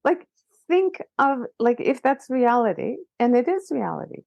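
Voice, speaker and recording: A woman guest on a parenting podcast, talking in a lively way with many restarts and rising emphasis. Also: on the high side, measured pace, gravelly, no echo, highs cut off. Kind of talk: casual conversation.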